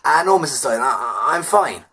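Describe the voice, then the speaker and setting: A man's voice: medium pitch, sing-song, brisk, pushed and bright, husky, heavily acted. A man with an Irish accent playing a polite, flustered Irish priest who stammers as he refuses. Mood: polite refusing.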